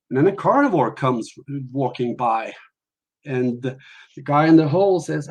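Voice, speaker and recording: A man's voice: a little high, expressive, moderate pace, husky. A man from Norway, guest in a casual interview, telling a parable with some hesitant fillers. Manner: hesitant with fillers, then storytelling.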